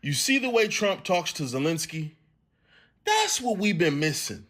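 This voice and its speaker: A man reacting in a casual clip, animated and mocking, with slangy talk. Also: high voice, a little slow.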